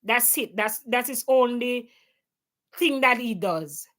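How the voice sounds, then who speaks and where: A woman's voice: on the high side, expressive, takes it slowly, fairly bright tone. A Jamaican woman living in Canada, hosting a casual opinion chat and mixing patois into her English with plenty of emphasis. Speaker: livestream host. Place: home in Canada.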